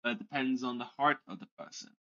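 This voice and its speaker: A man voicing an ancient female dragon in a tabletop game, speaking solemnly and measured. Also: medium pitch, fairly bright tone, dull audio, natural voice.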